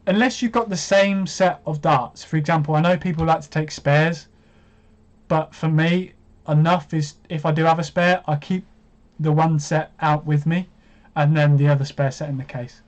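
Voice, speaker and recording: A man's voice: fairly high pitch, fairly even intonation, normal speed. A man of twenty-five chatting casually as host of a live stream, laughing often and poking fun at himself. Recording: dull lo-fi stream audio.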